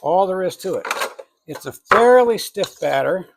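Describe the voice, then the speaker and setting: Gravelly man chatting through a bake. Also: high voice, lively intonation, a little slow, noisy background. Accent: New England. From New England. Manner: rambling, self-correcting, chatty asides. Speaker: home baking channel host. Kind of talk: casual baking demonstration. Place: home kitchen.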